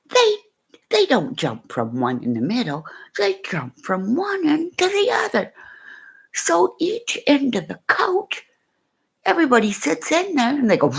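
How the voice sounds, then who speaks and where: An older woman chatting casually to her viewers, telling animated stories full of exclamations and swearing. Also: high-pitched, vocal fry. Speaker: vlogger. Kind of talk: casual chat.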